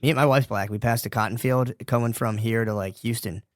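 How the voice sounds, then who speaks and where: A man co-hosting a casual comedy podcast, laid-back and agreeable with deadpan quips. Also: medium pitch, brisk, no echo, studio quality. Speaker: podcast co-host.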